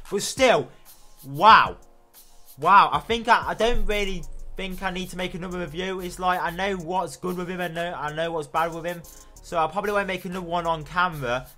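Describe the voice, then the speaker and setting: Young British lad, gameplay commentator, a touch high-pitched, excitable and sweary, quiet game music behind. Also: male voice, a little fast. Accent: British English. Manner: excitable, swearing, shouting at the ref. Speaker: gaming video host.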